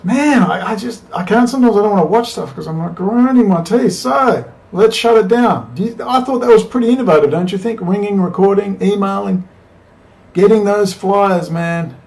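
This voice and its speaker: A man with a fairly high-pitched voice delivers a heated, digressive talk straight into a laptop webcam at home. He urges and exhorts his viewers, then drifts into tired, muttered asides before rallying again. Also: normal speed, vocal fry, a little mellow. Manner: fervent, exhorting, digressive, swings from urgent to weary. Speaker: political video blogger. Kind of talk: impassioned rambling monologue to camera.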